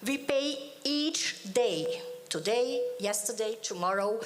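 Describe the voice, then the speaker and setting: A woman speaking on a conference panel in a deliberate, emphatic way. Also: a little high, expressive.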